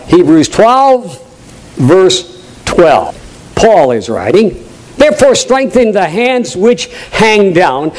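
A man with a New England accent preaches emphatically, swinging between loud, high stresses and low, quiet asides, and pulls the congregation in with direct questions. The recording is rough.

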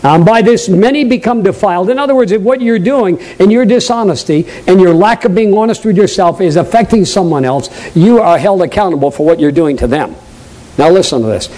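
A man with a New England accent preaching a sermon, stressing points loudly, dropping into low asides and putting questions straight to the congregation. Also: fairly quick, low-quality recording. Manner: emphatic preaching, swinging between loud high stresses and low quiet asides; draws the congregation in with direct questions.

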